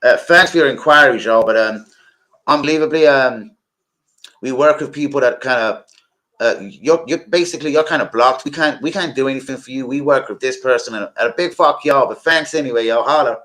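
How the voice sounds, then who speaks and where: A man's voice: medium pitch, a little fast, bright, forceful tone, voice pushed up, lightly acted, rough recording. A man putting on a mocking American Southern accent, voicing a dismissive male designer who drawls and fills his talk with fillers. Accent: put-on American Southern.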